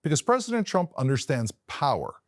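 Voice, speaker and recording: A man's voice: a little high, huge pitch swings, brisk, no room sound, studio quality. A male news commentator delivering scripted commentary, emphatic and posing rhetorical questions to viewers.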